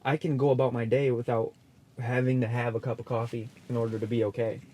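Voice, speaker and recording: A man's voice: mid-range voice, little pitch movement, fast talker, mellow. A young man co-hosting a podcast, rambling in laid-back casual chat from an ice fishing shelter. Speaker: podcast co-host.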